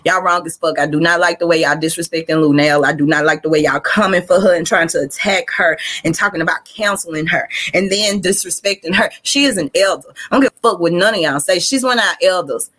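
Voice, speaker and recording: Speaking quickly with hardly any pauses, this Arkansas-accented woman hosts a live podcast and launches into a profane, blunt rant. Her pitch is fairly low and her tone a bit bright.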